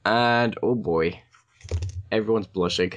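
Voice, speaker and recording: A man's voice: lowish voice, slow pace. A man joking and teasing his friends in casual chat over an online call. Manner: joking, playful, deadpan teasing. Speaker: co-host.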